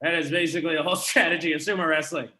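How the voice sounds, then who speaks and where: A young man from Canada performs a live stand-up set, and his voice sits a little high with a bright, forward tone. He talks casually and makes fun of himself between punchlines, and faint noise runs under the recording. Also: fairly even intonation, rapid-fire. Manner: self-deprecating, conversational punchlines. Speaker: stand-up comedian. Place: comedy venue with live audience.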